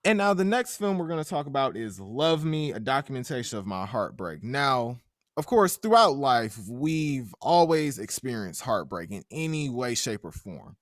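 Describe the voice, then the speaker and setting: Lively young man hosting, dry sound. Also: mid-range voice, moderate pace, dry recording. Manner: expressive, casual slang. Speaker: interviewer host. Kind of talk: casual interview chat.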